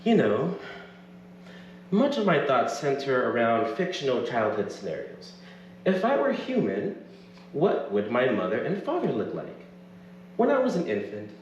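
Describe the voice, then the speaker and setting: A man's voice: medium pitch, very animated, normal speed, lo-fi sound, a little hiss or hum. A man performing a live, dramatic reading of his own novel to an audience, recorded from afar in an echoey venue. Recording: echoey room from far off.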